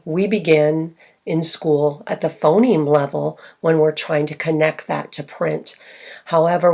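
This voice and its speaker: A woman literacy consultant giving a recorded teaching presentation, speaking clearly and slowly stretching out example words for listeners. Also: sits low, darkish tone. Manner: clear instructional delivery, slow modeled words.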